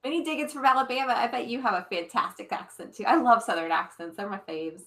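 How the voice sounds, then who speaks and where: A woman's voice: fairly high pitch, quick pace, a bit bright. A woman co-hosting a casual live stream, reading viewer comments and giggling often. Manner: chatty, giggly.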